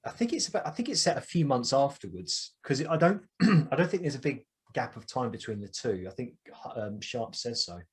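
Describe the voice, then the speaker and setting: A man with an Essex accent hosting a podcast, talking in an excitable, rambling way with many restarts. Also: mid-range voice, fairly quick, few pauses, husky. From Essex, England. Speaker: podcast host. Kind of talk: casual podcast chat.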